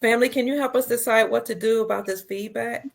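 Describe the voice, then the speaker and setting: A woman hosting a casual livestream, reading viewer comments, emotional and tearful, her voice swinging between soft and loud. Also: a little high, steady tone, quick pace, creaky. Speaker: livestream host.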